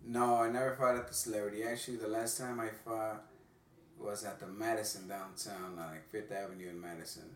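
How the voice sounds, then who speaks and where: A man who is a boxer, chatting in a laid-back, profane, halting way as a guest. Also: on the low side, fairly even intonation, a little hiss or hum. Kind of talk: casual chat. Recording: roomy, distant mic.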